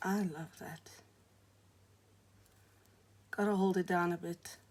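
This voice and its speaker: A woman chats quietly through a crafting session, her low-ish voice husky and a little hoarse. She often trails into near-whispers as she concentrates on her hands. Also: fairly even intonation, slow pace. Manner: soft-spoken, murmuring while working, frequent near-whispers. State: hoarse, recovering voice. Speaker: craft vlogger. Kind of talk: casual crafting commentary.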